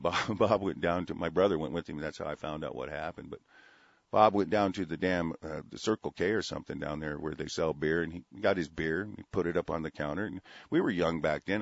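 A lower-voiced man in middle age or older, hosting talk radio and telling long, rambling stories laced with blunt profanity. He restarts his sentences constantly. The sound is dull and lo-fi, with a dry, close feel. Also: brisk, vocal fry, dry recording. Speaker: radio talk show host. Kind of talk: rambling storytelling and political rant on talk radio.

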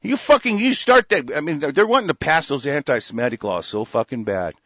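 A man's voice: fairly high pitch, animated, fairly quick, dry recording, highs cut off. A man delivering an angry, profane political rant, hurling insults. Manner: furious, profane, shouting insults.

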